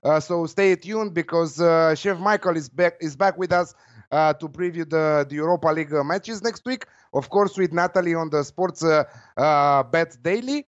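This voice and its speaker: A man's voice: fairly high pitch, moderate pace, no room sound, muffled recording. A man with a Romanian accent, a football betting tipster chatting casually and hesitantly, with many fillers. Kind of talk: casual chat.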